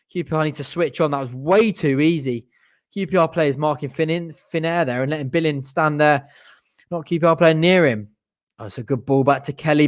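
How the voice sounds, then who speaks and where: A young man giving partisan, excitable fan commentary on a live match, cheering his team on and groaning at missed chances. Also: medium pitch, moderate pace.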